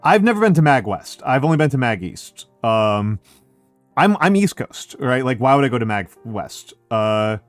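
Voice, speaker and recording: A man's voice: medium pitch, expressive, moderate pace, hardly any pauses, no echo, soft background music. A middle-aged man from Chicago with a Chicago accent touched by New York, chatting casually on a stream in a rambling, self-correcting way full of fillers. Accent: Chicago with some New York. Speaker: VTuber streamer.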